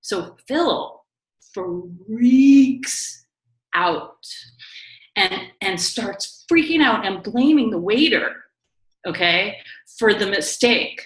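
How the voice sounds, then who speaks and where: A woman co-hosting a casual talk show, telling a story in a lively, quick way with lots of "like" and "you know". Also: medium pitch. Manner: animated, quick storytelling with many likes and you knows. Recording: echoey room.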